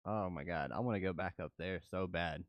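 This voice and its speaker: A man on a casual call, telling a relaxed story and laughing easily. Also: sits low, fairly quick, no echo. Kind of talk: casual chat. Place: home, with kids in the house.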